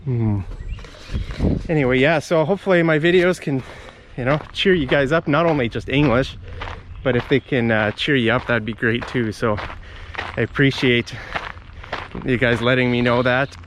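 A man's voice: mid-range voice, normal speed, pauses often, noisy background. A man recording a casual walking vlog outdoors for his English learners, talking in a chatty, rambling way and a bit out of breath. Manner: chatty, rambling, friendly to viewers. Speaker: English teacher YouTuber. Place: outdoors on a forest path.

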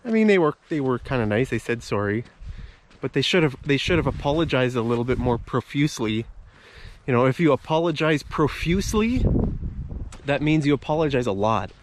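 A man's voice: medium pitch, lively intonation, brisk, slight background noise. A man hosting a casual English-teaching vlog outdoors in a park, talking while he walks and explaining words as he goes. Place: outdoors in a park with bushes and a bridge.

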